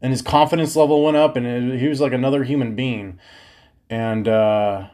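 Podcast host, male, 30s, mid-pitched, loose profane storyteller. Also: normal speed. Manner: profane, animated, slangy storytelling. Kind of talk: casual storytelling monologue.

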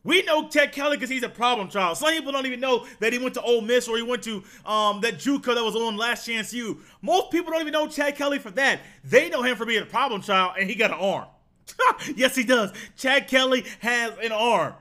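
A young man hosting a solo sports podcast, telling a story in a casual, excited way. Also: very high-pitched, a little fast. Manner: excited, animated storytelling with laughs. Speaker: podcast host.

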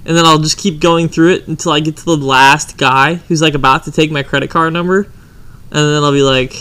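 A man's voice: a little high, steady tone, fairly quick, pushed and bright, clear, resonant tone. A young man in casual chat, telling crude prank-call stories with a joking, profane manner. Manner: crude, joking storyteller who acts out phone calls.

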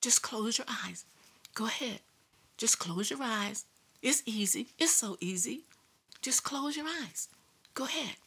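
A woman voicing the devil as a male tempter, in whispered role-play, coaxing with slow hypnotic repetition. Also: fairly high pitch, expressive, bright, forceful tone, slightly rough, full character voice.

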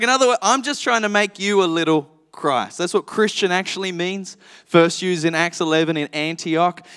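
High, bright man preaching. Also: clear, resonant tone. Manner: lively storytelling, frank and self-deprecating. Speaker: pastor. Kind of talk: sermon. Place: church auditorium. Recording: long reverb of a church hall.

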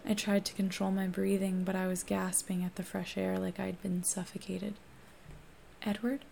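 A woman reading a first-person novel aloud in a hushed, steady narration that often drops to a whisper. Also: medium pitch, moderate pace, creaky, slight background noise. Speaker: audiobook reader.

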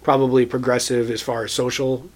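A man co-hosting a podcast in casual chat, excitable and quick to laugh, with plenty of swearing. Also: mid-range voice. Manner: excitable, laughs often, profane.

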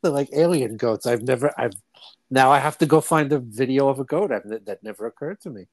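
A man's voice: medium pitch, a little fast, no room sound. A man hosting a casual podcast interview, asking questions and dropping jokey asides. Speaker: podcast host.

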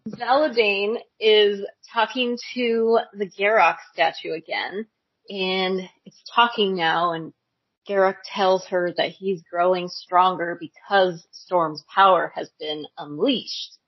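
A woman co-hosting a podcast, recapping a cartoon in casual chat, animated, laughing often and saying like a lot. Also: medium pitch, slow pace, slightly rough, dry recording, lo-fi sound. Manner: animated, laughing, many likes and ums. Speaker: podcast co-host.

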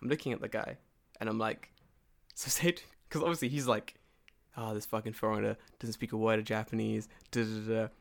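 A man's voice: fairly low pitch, steady tone, a little fast, gravelly. A man telling a story in casual chat, swearing often, laughing, and acting out both sides of a phone call. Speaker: storyteller in a conversation. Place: lives and works in Japan.

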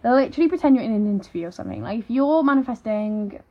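A woman's voice: fairly high pitch, lively intonation, rapid-fire. A young woman, chatting casually in a vlog and saying "like" and "literally" all the time. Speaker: vlogger. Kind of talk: casual chat. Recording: slightly dull lo-fi audio.

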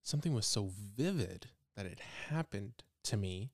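A man's voice: lowish voice, lively intonation, normal speed, creaky, dry recording, studio quality. A man co-hosting a podcast in casual chat, rambling and restarting as he tells stories. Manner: rambling, restarts often when telling stories. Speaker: podcast co-host.

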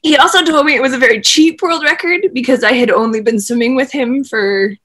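A woman being interviewed, telling a long story in casual, animated talk full of "like" fillers. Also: sits high, a little fast. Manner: animated, rambling, frequent "like" fillers. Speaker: interview guest, former swimmer.

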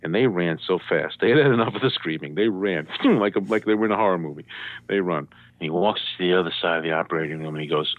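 Fast-talking man on a tinny phone line. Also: low-pitched, dry recording. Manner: lively storyteller, acts out voices, jokey. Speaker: radio show guest. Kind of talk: animated storytelling.

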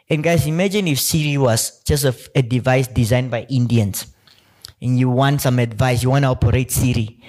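A man doing a comedy monologue, animated, acting out scenarios, with hesitant restarts. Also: medium pitch, moderate pace. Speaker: stand-up comedian.

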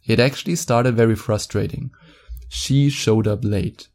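A young German man hosts a casual monologue podcast, talking bluntly, profanely, and boastfully. His mid-range voice is creaky with a darkish tone, and he speaks unhurriedly.

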